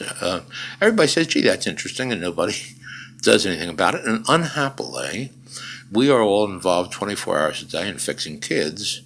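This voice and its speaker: An older man, a guest in an interview, telling stories in an emphatic, conversational way with dry humor and frequent pauses and fillers. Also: sits low, fairly bright tone, slight background noise. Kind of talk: conversational storytelling.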